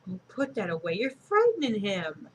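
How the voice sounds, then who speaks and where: A woman voicing a kind, motherly female fairy-tale book character in a storybook, gentle and coaxing. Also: mid-range voice, huge pitch swings, normal speed, a little hiss or hum, rough recording.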